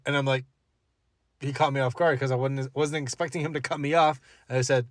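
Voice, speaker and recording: A man's voice: mid-range voice, steady tone, fairly quick, no room sound. A young adult man, a content creator, animatedly retelling a story with self-mocking asides. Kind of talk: storytelling to camera.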